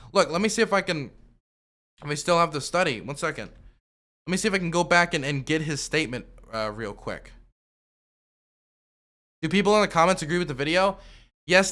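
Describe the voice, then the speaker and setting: A man's voice: on the high side, animated, moderate pace, pauses often, sharp tone. A man streaming a reaction to a video, arguing point by point and stacking up objections in loose, filler-heavy talk. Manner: argumentative, rebutting with repeated objections; loose, full of fillers and restarts. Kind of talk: commentary.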